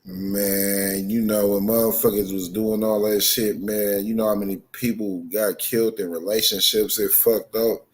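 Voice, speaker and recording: A man telling a story in casual chat, profane and animated, acting out both sides of the dialogue. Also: on the low side, moderate pace, few pauses.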